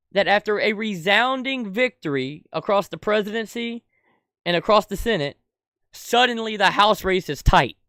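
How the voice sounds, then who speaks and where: A young adult man giving an angry, profane political rant as a commentator, swinging from shouted outbursts to low muttering. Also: no echo, clean studio sound.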